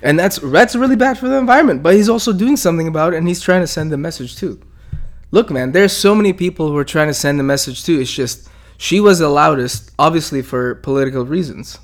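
A man's voice: fairly high pitch, fast talker. Rambling, joking young man on a podcast. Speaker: podcast co-host. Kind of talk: casual profane banter.

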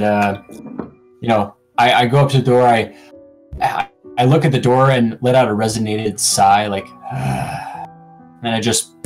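A man at a tabletop game, explaining what his character does with many pauses and restarts. Faint music sits in the background. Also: fairly low pitch, low-quality recording. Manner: hesitant, halting descriptions. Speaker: player.

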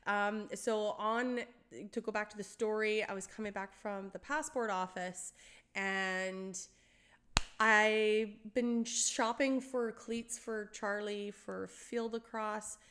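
A middle-aged woman telling a story in casual chat, animated, acting out quoted voices, laughing often and swearing. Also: mid-range voice, slow.

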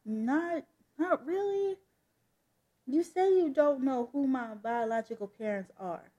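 A woman's voice: sits high, expressive, takes it slowly, warm tone, highs cut off, full character voice. A woman voicing an anxious adopted teenage girl, asking earnest questions in a comic book read-aloud. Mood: troubled.

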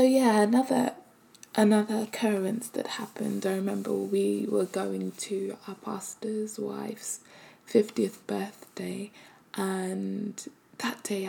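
Soft-spoken woman with heavy vocal fry. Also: medium pitch, flat delivery, slow pace. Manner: soft-spoken, often dropping to a breathy half-whisper; hesitant, with many fillers. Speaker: mother sharing a faith testimony. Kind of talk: personal testimony.

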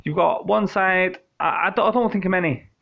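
A British man talks off the cuff to his listeners in a fairly high voice, swearing often and wandering from point to point. He jokes and restarts his sentences as he goes. The recording sounds muffled and lo-fi. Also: a little fast, gravelly, a little hiss or hum. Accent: British English. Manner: profane, joking, meandering, with frequent restarts. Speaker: podcast host answering listener questions. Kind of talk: casual rambling monologue.

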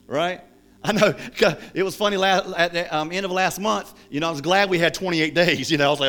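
High-voiced, animated male preacher. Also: a little fast. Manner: animated storytelling, joking. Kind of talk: sermon.

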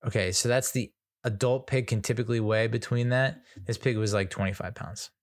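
A man's voice: mid-range voice, steady tone, a little fast. An American man hosting a casual solo podcast, telling stories in a chatty, self-mocking way. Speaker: podcast host.

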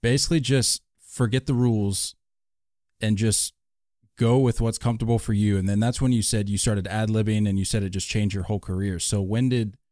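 A man's voice: fairly low pitch, steady tone, a little fast, dark tone, no echo, studio quality. A man hosting a casual podcast interview, asking chatty, joking questions. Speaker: podcast host.

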